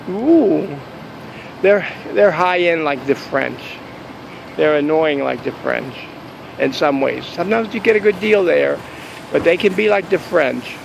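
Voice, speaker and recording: A man's voice: on the high side, expressive, a little slow, vocal fry, a little hiss or hum, low-quality recording. A man vlogging from a store parking lot and then his car, telling a rambling, jokey story. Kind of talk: casual joking storytelling.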